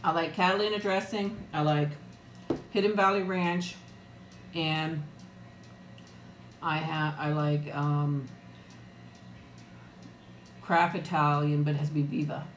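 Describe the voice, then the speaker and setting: Speaking slowly with long pauses and fairly even intonation, a deep-voiced middle-aged woman hosts a casual live eating stream from home. She laughs a lot and greets viewers by name. A new external mic sits close, though the room echoes and there's slight background noise.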